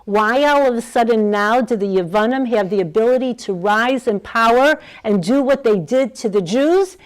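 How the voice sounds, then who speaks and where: A woman's voice: a little high, moderate pace, rough recording. A woman giving a Torah lecture to a class, asking the room questions and weaving in Hebrew terms. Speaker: Torah teacher.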